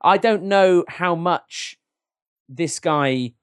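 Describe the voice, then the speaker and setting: A man's voice: sits high, drawn-out words, clear, resonant tone, dry recording, studio quality. A man co-hosting a podcast, rambling and joking with lots of restarts. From England. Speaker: podcast co-host. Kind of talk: casual advice-show chat.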